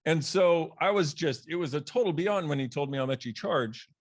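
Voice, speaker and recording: Animated man telling a story. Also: moderate pace. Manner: animated, laughs, swears, acts out quoted voices with big pitch jumps. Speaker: author and guest. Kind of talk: storytelling in a podcast conversation.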